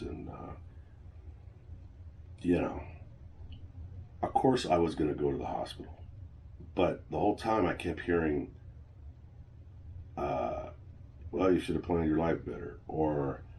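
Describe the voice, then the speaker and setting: A middle-aged man with a very deep, dark-toned voice talks straight to camera, blunt and full of swearing as he vents. A faint noise sits under the recording. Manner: blunt, heavy swearing, venting. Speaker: channel host. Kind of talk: personal vlog monologue.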